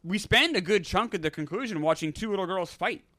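A man's voice: high voice, expressive, a little fast, sharp tone, no room sound, clean studio sound. A man in his forties co-hosting a casual movie review chat, blunt and opinionated. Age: 40s. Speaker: podcast co-host.

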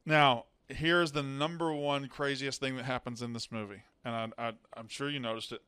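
A man's voice: mid-range voice, steady tone, normal speed, sharp tone, clean tone, no room sound. A man from Mississippi with a Southern accent, co-hosting a casual film-review chat and giving blunt, opinionated takes. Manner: blunt, opinionated, swears freely. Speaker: podcast co-host.

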